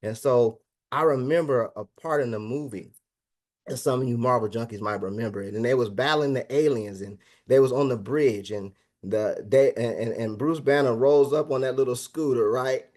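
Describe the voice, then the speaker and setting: A man giving a high-energy motivational business presentation over an online meeting. He talks casually, calling out "man" and "guys" and checking in with "right?" after nearly every point. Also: moderate pace, a little mellow. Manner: high-energy, keeps asking the audience "right?".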